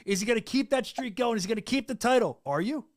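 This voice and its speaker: A middle-aged man hosting a podcast, joking and animated in casual chat. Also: very high voice, no room sound, clean studio sound. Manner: animated, joking, fast-talking. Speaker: podcast host.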